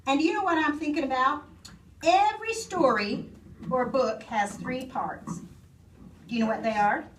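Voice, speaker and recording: A woman teacher reading a story aloud and leading her class, slow and expressive, hushing the children. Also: sits high, distant mic, slight background noise. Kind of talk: classroom lesson and read-aloud. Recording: echoey classroom heard from afar.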